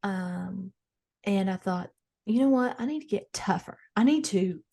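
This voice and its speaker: A woman playing a frazzled, gossipy, well-off mom who hosts an improvised comedy podcast and rambles through animated stories with acted-out quotes. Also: medium pitch, unhurried, gravelly. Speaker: podcast host character.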